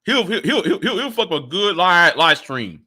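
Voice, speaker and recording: A man with a high-sitting voice runs a casual livestream in a rage, profanity pouring out as he stammers through repetitions. His delivery is sing-song and sharp at a normal speed.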